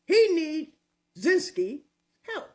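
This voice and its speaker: A woman's voice: high-pitched, big pitch swings, slow, darkish tone. An older woman hosting her own opinion show, talking in a sassy, mocking, emphatic way. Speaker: commentary show host. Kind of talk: opinionated commentary.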